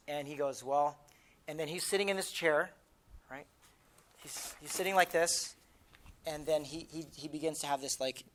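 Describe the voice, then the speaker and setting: A man's voice: on the high side, a bit bright. A male military chaplain telling a personal story at a family training session, conversational, acting out quoted dialogue with many restarts. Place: lodge conference room.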